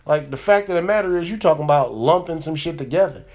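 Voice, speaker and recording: A man's voice: a little high, quick pace, darkish tone. Heated, profane man hosting a podcast. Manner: rambling, profane, heated, with frequent restarts and fillers. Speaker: podcast host. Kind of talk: casual monologue.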